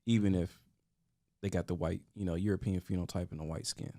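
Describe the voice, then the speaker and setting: A man with a fairly low voice makes his case in a casual podcast discussion. He stammers and restarts his sentences often. The sound is close and dry. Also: steady tone, fairly quick, dark tone, no echo. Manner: earnest, with frequent restarts and stammers.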